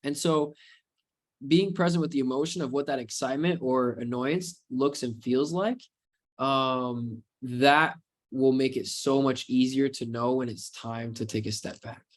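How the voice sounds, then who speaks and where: A man's voice: mid-range voice, unhurried. This is a man in the middle of a live webinar, talking to his viewers as a trading coach. His delivery is casual and meandering, with frequent "you know"s. He keeps drifting into spiritual, motivational musings. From United States.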